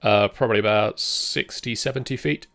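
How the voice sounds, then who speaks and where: A man's voice: fairly low pitch, normal speed, a bit bright. A man narrating as game master in a tabletop game, describing scenes plainly. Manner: plain, matter-of-fact narration.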